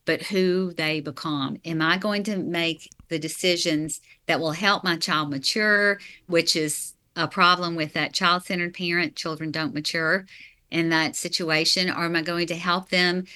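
A woman's voice: on the low side, steady tone, measured pace, pushed and bright. A middle-aged woman, an author, answering interview questions earnestly, explaining step by step. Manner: earnest, explanatory, with light laughs. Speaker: author and parenting guest.

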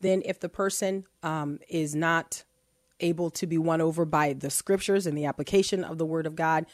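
Woman, talk show host, animated and laughing, dry close sound. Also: low voice, moderate pace, dry recording. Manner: animated, frequent laughs, restarts mid-sentence. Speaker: podcast host. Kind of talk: faith-based talk show discussion.

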